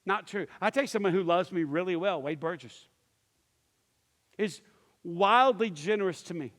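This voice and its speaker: A man in his fifties with a high voice and a drawl, delivering a folksy sermon to a church. He tells stories and acts out the people in them with lively voices. His voice rings with a long reverb in a large sanctuary. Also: moderate pace. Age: 50s. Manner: folksy storytelling with animated acted-out quotes. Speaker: pastor.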